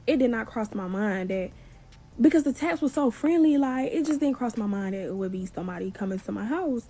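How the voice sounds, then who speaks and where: A woman vlogger telling a story in a casual, animated, profane way, acting out each person's lines. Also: mid-range voice, a little fast. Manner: animated, profane, acts out dialogue.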